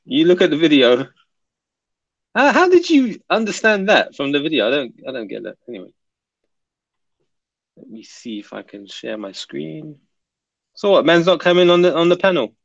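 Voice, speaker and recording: A man's voice: fairly high pitch, sing-song, moderate pace, gravelly, long pauses, no echo. A man hosting a casual livestream, chatting and muttering to himself as he reads comments and sets up links. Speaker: livestream host. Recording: dull lo-fi dry sound.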